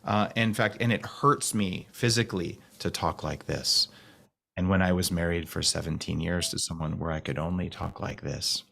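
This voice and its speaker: Man, low voice, gravelly, fast rambling talk, restarts a lot. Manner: fast talker with restarts, slows voice to demonstrate calm. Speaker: guest speaker on a video call.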